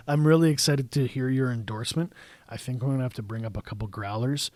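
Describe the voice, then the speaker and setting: A Canadian man hosting a casual podcast chat, telling lively stories and laughing often. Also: mid-range voice, brisk, no echo, clean studio sound. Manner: animated storyteller, laughs often. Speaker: podcast host from the brewery.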